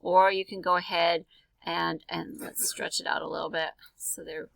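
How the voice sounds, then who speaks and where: This art teacher's lowish voice is gravelly and a bit bright, delivered flatly at a moderate pace. Chatty and laid-back, she fills her screen-recorded drawing tutorial with ums and likes; there's no echo, though the recording quality is low.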